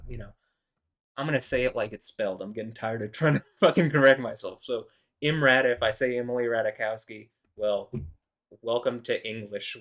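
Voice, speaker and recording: A man's voice: lowish voice, fairly bright tone. A man rambling in an indignant solo commentary, full of filler words and restarts. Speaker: video host.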